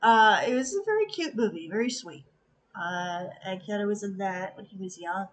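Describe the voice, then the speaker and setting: A woman's voice: mid-range voice, expressive, moderate pace. A woman with a Valley Girl accent, chatting casually in a rambling way, full of fillers and self-asides. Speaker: artist and video creator. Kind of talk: casual chat.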